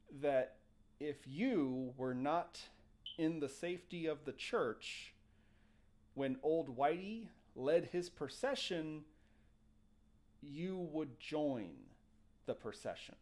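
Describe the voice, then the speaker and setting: Male podcast host, animated joking storyteller, a touch high-pitched. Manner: animated, jokey, acts out quotes. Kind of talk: casual storytelling chat.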